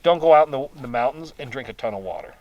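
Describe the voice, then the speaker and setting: A man's voice: mid-range voice, expressive, quick pace, darkish tone, dry recording, recorded from a distance, lo-fi sound. An American man hosting a casual chat, telling stories with laughs along the way. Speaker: podcast host.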